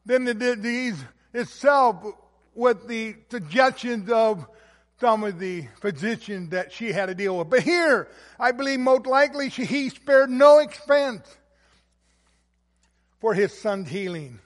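A male pastor preaching a sermon in an earnest way, with fillers and restarts and a loudness that rises and falls. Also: very high-pitched, animated, a little slow. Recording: long echo of a large hall.

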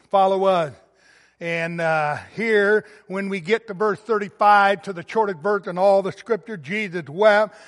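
Pastor for a sermon: man with a high voice, unhurried delivery, earnest, in a reverberant church hall. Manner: earnest preaching, swelling loud then dropping quiet.

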